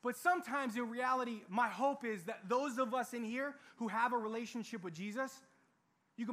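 A young man preaching a sermon in a lively, animated way, acting out what people say. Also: very high voice, normal speed. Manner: animated, acts out quoted voices. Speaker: youth pastor.

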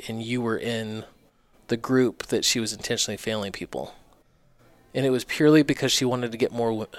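A man in his thirties spins animated, profane stories in a podcast chat. His voice is smooth and resonant, recorded close and dry, with no room around it. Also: medium pitch, no room sound. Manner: animated, profane, quotes himself and others. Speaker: guest, barber and business owner. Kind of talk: casual storytelling in conversation.

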